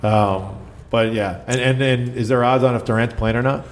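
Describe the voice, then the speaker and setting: A man's voice: medium pitch, normal speed. A middle-aged man, a basketball coach, telling stories in casual chat and acting out the people he quotes. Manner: animated storyteller, acts out quotes.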